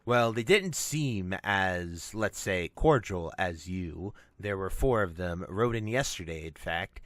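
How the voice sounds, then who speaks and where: A man's voice: low-pitched, lively intonation, slow pace, fairly bright tone, no room sound, heavily acted. A man reading as a drawling harbor fisherman. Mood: chatty. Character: folksy male harbor fisherman, talkative and friendly.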